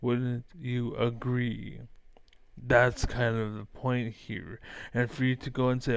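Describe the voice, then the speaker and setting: A man's voice: mid-range voice, steady tone, measured pace, gravelly, no room sound, dull audio. A man streaming a heated, profane reaction rant, talking back to a clip. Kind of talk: ranting reaction commentary.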